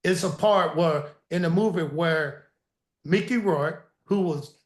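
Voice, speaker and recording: A man guest in a casual interview, telling animated stories and acting out quoted dialogue. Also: fairly high pitch, slow pace. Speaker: guest storyteller. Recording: echoey room.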